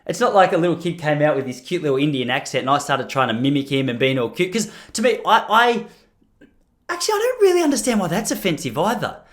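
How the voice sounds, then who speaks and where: Man, australian accent, podcast host, casual and joking, animated pitch. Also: fast talker. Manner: joking, rambling, slips into playful mimicry. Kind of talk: casual chat to camera. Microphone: on camera.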